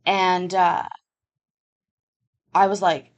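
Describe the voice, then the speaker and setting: A woman's voice: fairly low pitch, normal speed, long pauses, a bit bright. A woman hosting a live chat show, telling work stories in a candid, casual way, swearing freely and using many fillers. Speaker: livestream show host.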